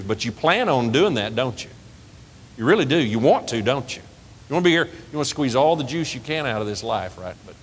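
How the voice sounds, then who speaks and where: A man preaching a sermon as pastor, lively and conversational, asking the congregation questions and laughing along with them. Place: church sanctuary. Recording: reverberant church hall with faint rumble.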